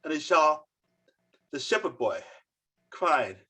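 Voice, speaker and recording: A storyteller telling folk tales slowly and dramatically over a video call. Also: sing-song, sharp tone, slightly rough, soft background music. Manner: slow, dramatic, with sweeping pitch. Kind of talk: oral folk tale telling.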